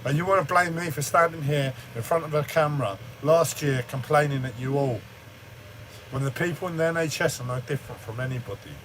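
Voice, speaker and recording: Shaken man ranting, high-voiced. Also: a little fast, a bit bright, a little hiss or hum, rough recording. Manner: swears heavily, agitated and raw. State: shaken, says he speaks like he is in shock. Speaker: livestreamer. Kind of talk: angry personal rant. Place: standing in front of a camera.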